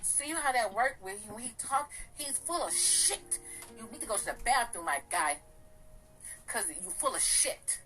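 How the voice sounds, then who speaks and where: Brief: female gossip host, bright, a little raspy, sassy and profane, faint music behind. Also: fairly high pitch, big pitch swings, normal speed, rough recording. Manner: sassy, blunt, profane ranting. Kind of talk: casual commentary.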